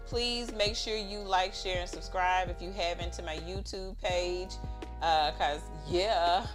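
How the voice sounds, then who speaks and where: A woman with a somewhat low voice, chatting through an animated, exasperated recap over a webcam. Faint music plays behind her. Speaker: show recap host, intimacy coach. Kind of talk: casual recap commentary.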